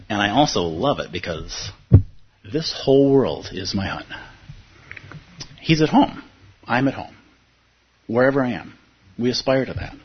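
On a lo-fi recording, a man whose husky voice sits on the low side leads a conversational dharma talk about meditation. Addressing a room of listeners, he returns to key phrases and asks rhetorical questions.

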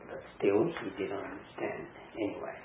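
A man giving a Zen dharma talk on a koan, speaking, halting with many fillers and restarts. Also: on the low side, slight background noise. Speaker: Zen teacher. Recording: echoey room over a tinny phone-like line.

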